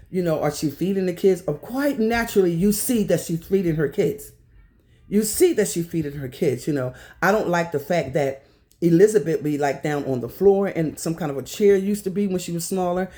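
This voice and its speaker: A woman's voice: on the low side, warm tone. A woman hosting her own channel, giving casual commentary straight to her viewers in an emphatic, repetitive way. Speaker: YouTube commentary host.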